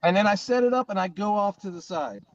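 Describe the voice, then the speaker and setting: A middle-aged man with a fairly high voice tells stories in a loose, animated way, slipping into other people's voices and swearing freely. He is on a video call, and the sound is slightly dull and lo-fi. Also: quick pace. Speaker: guest drummer. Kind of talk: casual storytelling chat.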